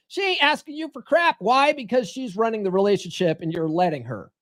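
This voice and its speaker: Man, high voice, blunt coaching tone, live-stream advice host. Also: a bit bright. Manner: blunt, coaching, acts out quoted lines. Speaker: podcast host.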